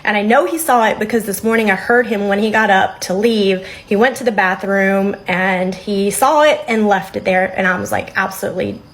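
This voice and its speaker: A woman's voice: medium pitch, normal speed, hardly any pauses, low-quality recording. Young woman rambling through a story. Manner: chatty, rambling retelling. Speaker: storyteller recounting a date. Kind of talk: casual story to camera.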